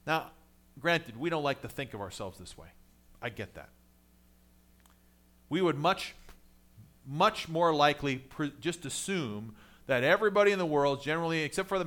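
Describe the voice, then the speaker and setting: Bright high-pitched male pastor preaching. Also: lively intonation, normal speed. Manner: conversational preaching, rising emphatic then dropping low and quiet. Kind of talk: sermon.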